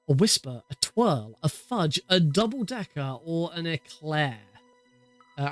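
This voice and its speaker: Man, casual live-stream chat, rambling, many fillers, slightly high voice, faint background music.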